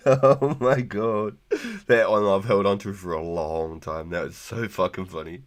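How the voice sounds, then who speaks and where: A man's voice: mid-range voice, big pitch swings, extremely slow, long pauses. A man live-streaming a game, chatting loosely with viewers, laughing often and swearing freely. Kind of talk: casual live gaming stream chat.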